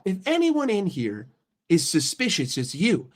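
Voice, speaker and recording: A man's voice: fairly high pitch, huge pitch swings, a little slow. An American man chatting casually on a livestream, his voice stuffed up from a cold. He is brash and profane, firing back at chat with mock outrage. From United States. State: sick with a stuffy nose. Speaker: streamer answering chat.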